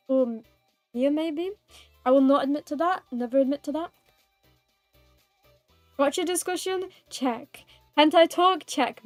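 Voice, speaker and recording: A woman's voice: high-pitched, a little mellow, no echo. A woman streamer chatting casually with her viewers in a playful, giggly, rambling way, teasing them and herself.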